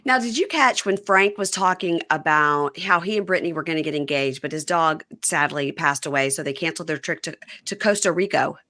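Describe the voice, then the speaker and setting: A woman hosting a podcast, chatting casually and reading an ad, with playful quick asides. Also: low voice, bright, forceful tone, no room sound. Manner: chatty, quick shifts into playful quoted voices. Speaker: podcast host. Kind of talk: casual chat and read ad.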